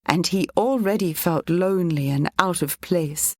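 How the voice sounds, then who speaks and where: A woman narrating a children's storybook in a clear, even reading voice. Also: fairly low pitch, measured pace, no room sound, studio quality.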